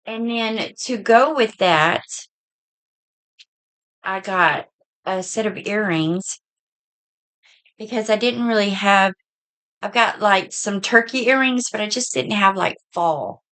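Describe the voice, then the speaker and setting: A middle-aged woman with a Southern US accent, a bit hoarse, chatting in a folksy way through a casual haul video. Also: mid-range voice, slow, long pauses, a bit bright. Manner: chatty, folksy, says y'all. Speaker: vlogger.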